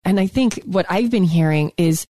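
A woman's voice: lowish voice, moderate pace, mellow, no room sound. A woman co-hosting a podcast in casual chat, emphatic and fond of repeating her key words. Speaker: podcast co-host.

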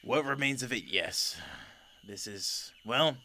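An ancient lion king, voiced by a man, drawls each word slowly with lordly mockery. The tone is bright and forceful. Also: mid-range voice, lively intonation, gravelly, slight background noise, exaggerated voice. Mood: somber. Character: very old, huge male lion king, slow and mocking.

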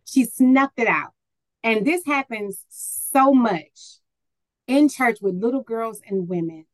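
A woman's voice: fairly high pitch, slow, no room sound, low-quality recording. A woman co-hosting a casual chat, speaking in a fired-up, indignant way. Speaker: co-host.

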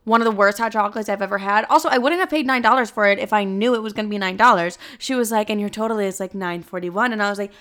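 Smooth-voiced young woman podcast host. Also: medium pitch, racing, few pauses, a bit bright. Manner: playful, profane and gossipy. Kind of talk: casual chat.

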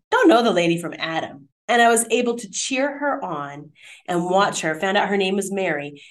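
A middle-aged woman co-hosting a casual Christian talk, telling a personal story in an animated, encouraging way. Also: medium pitch.

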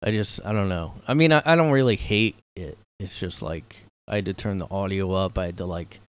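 Low-voiced man ranting casually. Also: a little fast, clean tone. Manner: rambling, sarcastic, full of fillers and swearing. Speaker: podcast host. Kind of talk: casual solo rant. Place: his own room.

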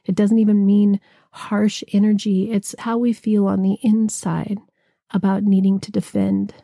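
A woman giving a gentle, reflective spiritual talk, slowing down to linger on lists of words. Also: medium pitch, level tone, dry recording, studio quality.

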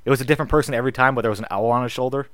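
A man with a mid-range voice co-hosting a tabletop gaming podcast, tossing in quick jokes and laughing often. His voice is close and dry on a podcast microphone. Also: mid-range voice, no echo. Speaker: podcast co-host. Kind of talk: casual chat and read sponsor spots.

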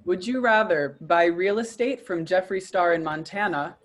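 Deadpan lower-voiced woman co-host. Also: moderate pace. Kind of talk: casual podcast chat.

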